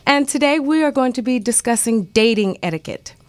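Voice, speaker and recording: A woman's voice: a little high, brisk, dry recording. A woman hosting a radio talk show, bubbly and effusive, a little congested from a cold. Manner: bubbly, effusive, gushing praise. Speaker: radio host.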